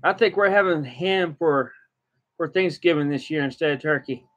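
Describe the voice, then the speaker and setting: A vlogger reacting to something chats casually and keeps breaking into giggly, high laughter. His voice is a bit bright at normal speed, and the recording has a dull lo-fi sound.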